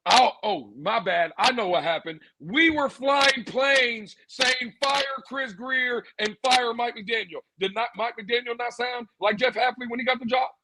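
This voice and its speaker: A man's voice: very high voice, unhurried, few pauses, background noise. A man ranting sarcastically as a sports podcast co-host, repeating lines for emphasis. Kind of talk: heated sports commentary.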